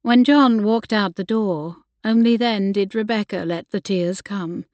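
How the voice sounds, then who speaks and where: A woman reading an audiobook with measured, even storytelling, close to a studio mic. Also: mid-range voice, no room sound. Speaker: audiobook narrator. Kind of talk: scripted narration.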